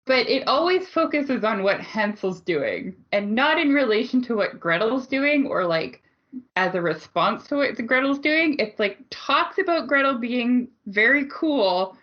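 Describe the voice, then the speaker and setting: A woman's voice: on the high side, expressive, unhurried, muffled recording. A woman co-hosting a podcast, recapping a movie in a casual, blunt way and laughing often. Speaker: podcast co-host.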